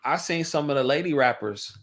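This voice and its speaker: A man's voice: fairly high pitch, expressive, fairly quick, crowd noise. A man hosting a podcast, chatting casually in a joking, slangy, laid-back way. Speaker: podcast host. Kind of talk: casual chat.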